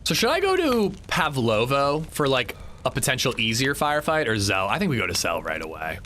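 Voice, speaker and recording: A man's voice: medium pitch, huge pitch swings, brisk, pushed and bright, a little hiss or hum. A man streaming a game, casually chatting with his viewers and swearing when something annoys him. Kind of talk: casual livestream chat while gaming.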